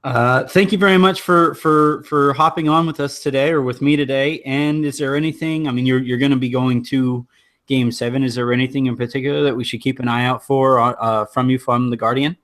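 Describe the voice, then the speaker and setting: A man hosting a podcast in relaxed chat, easygoing and quick to laugh. His voice sits at an everyday middle pitch. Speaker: podcast host. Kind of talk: casual chat.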